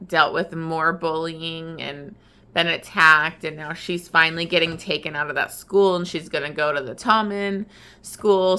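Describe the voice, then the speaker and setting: Woman booktuber, lower pitch, forceful tone, emotional chatty recap. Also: clear, resonant tone. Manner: emotional, heavy use of "like". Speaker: book reviewer. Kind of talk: casual vlog recap.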